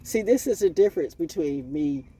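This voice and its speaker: A woman's voice: fairly low pitch, animated, normal speed, dark tone, a little hiss or hum. A woman hosting her own channel as an oracle reader, ranting in a blunt, profane and preachy freestyle way. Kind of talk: freestyle livestream rant.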